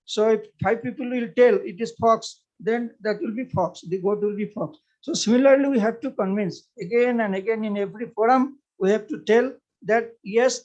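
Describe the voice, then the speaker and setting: A man's voice: high voice, a little mellow, highs cut off. A man with an Indian English accent giving an unscripted speech at a seminar. He halts often with fillers and restarts, and repeats his points to press them on the audience. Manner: halting, with frequent "uh" fillers and restarts; persuasive and repetitive, urging the audience. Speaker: invited speaker at a seminar.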